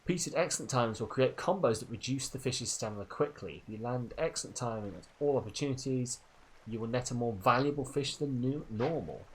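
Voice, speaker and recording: A man's voice: mid-range voice, fairly quick, slight background noise. A man casually commenting on a game as a streamer, joking and reading on-screen text aloud.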